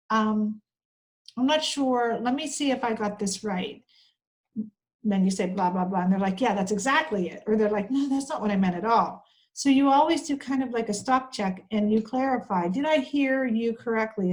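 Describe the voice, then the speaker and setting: A woman's voice: medium pitch, darkish tone, poor audio. A woman giving an online training lecture on care communication, talking conversationally and acting out short example dialogues.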